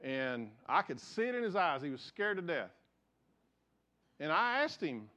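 A man preaching a sermon as pastor, telling stories earnestly and dropping from raised emphasis to hushed, quiet passages. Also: high-pitched, big pitch swings, normal speed. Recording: dull lo-fi sound.

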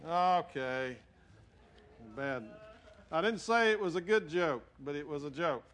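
A male pastor speaks to his church congregation in a folksy, joking, conversational way. His voice sits high for a man, and he talks in loose phrases full of fillers. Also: animated, unhurried, fairly bright tone. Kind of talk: sermon. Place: church sanctuary.

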